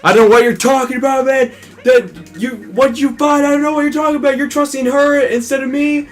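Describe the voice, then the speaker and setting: A man's voice: extremely high pitch, steady tone, a little fast, pitched above the performer's own voice. A man voicing a defensive male crewman who is accused of treason and protests indignantly.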